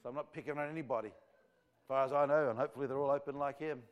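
A man's voice: mid-range voice, fairly even intonation, fast, smooth, highs cut off. A man preaching a revival sermon to a church congregation, fervent and rambling in a conversational way. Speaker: visiting evangelist.

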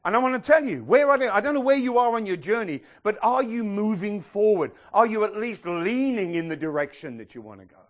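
A middle-aged male pastor preaching a sermon in a lively way, acting out Bible figures as he tells their stories. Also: high-pitched, fairly quick, few pauses.

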